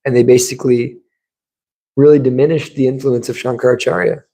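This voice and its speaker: A man speaks to a temple congregation in a relaxed, storytelling manner. His voice is gravelly and dark, with a mellow tone. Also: mid-range voice, brisk, rough recording. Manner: conversational storytelling, acts out quotes. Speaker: temple speaker giving a scripture class. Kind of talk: sermon. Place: temple room.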